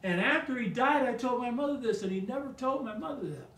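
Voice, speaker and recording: Telling family tales as a talk show guest, an older man speaks fast in a very high, slightly bright voice with lively intonation, frequently adding "you know what I mean?" The low-quality recording comes from a distant mic in an echoey room.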